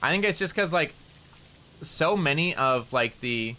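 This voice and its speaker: A man's voice: fairly high pitch, expressive, measured pace, sharp tone. A man with a mild rural Canadian accent, chatting casually and rambling as he streams a game, peppering his talk with "like" and casual swearing. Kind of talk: casual chat while gaming.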